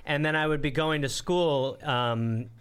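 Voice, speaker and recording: A man from Wisconsin trades stories in a loose comedic podcast chat. His voice sits fairly high for a man. He keeps breaking into quick, animated mocking voices. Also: clear, resonant tone. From Wisconsin, USA. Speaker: podcast guest.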